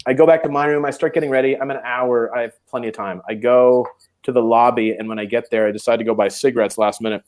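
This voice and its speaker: Man telling a lively anecdote. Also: medium pitch, fast talker. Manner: animated, acts out quoted voices. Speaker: co-host. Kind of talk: casual storytelling chat.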